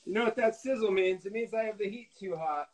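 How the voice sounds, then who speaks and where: High-voiced joking man on a video call. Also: a little fast, poor audio. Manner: joking, self-mocking, loud when leaning in. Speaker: guest cook. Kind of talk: casual live cooking chat.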